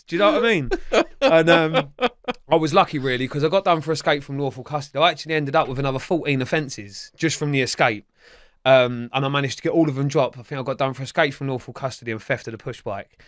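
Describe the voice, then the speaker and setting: A man's voice: medium pitch, fast talker, a bit bright, dry recording, studio quality. A man telling wild stories as an interview guest, swearing freely and acting out the voices of other people. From England. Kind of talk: storytelling in a podcast interview.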